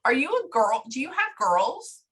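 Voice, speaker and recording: A woman working as a psychic medium, talking fast and casually through a live reading and swearing freely. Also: sits high, sing-song, fairly bright tone. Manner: rapid, chatty, swears casually.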